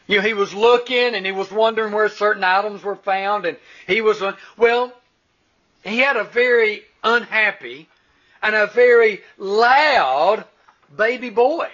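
A man's voice: sits high, a little slow, a bit bright. An older man preaching a sermon, earnest, with stumbling restarts and emphatic peaks. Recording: dull lo-fi recording.

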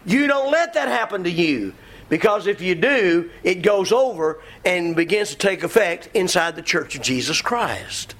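A man's voice: high-pitched, animated, moderate pace. A middle-aged man preaching a sermon in a folksy, emphatic way, quoting scripture and acting out his listeners. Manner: folksy, emphatic, mimics congregants with shouts.

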